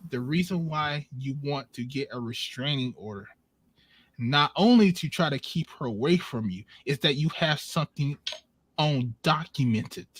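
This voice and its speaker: A man's voice: on the high side, normal speed, echoey room. A man hosting a casual chat, giving emphatic, profane advice. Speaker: host.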